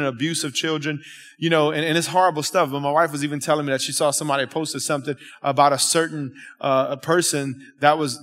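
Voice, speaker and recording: Bright-voiced preacher in a reverberant church. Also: male voice, a little high. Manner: emphatic, calls out to the congregation. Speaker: pastor. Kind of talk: sermon. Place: church service. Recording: long reverb of a church hall.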